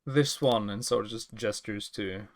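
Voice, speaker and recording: A man's voice: fairly low pitch, unhurried. Sex: man. Role: player. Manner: hesitant, thinks aloud. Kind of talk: tabletop role-play.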